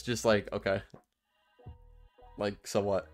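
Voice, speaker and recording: A man's voice: on the low side, level tone, unhurried, soft background music. A young man co-hosting a podcast, chatting casually in a rambling, profane way with lots of fillers. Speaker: podcast co-host. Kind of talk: casual chat.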